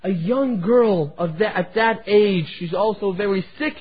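A man's voice: sits high, unhurried, husky. A man preaching an emotional sermon, telling a story to his congregation as he addresses them directly. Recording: tinny phone-like recording.

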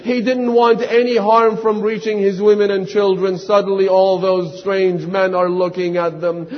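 A high-voiced preacher tells a mourning story dramatically and chants prayers. His voice carries a long hall reverb. The audio sounds dull and muffled.

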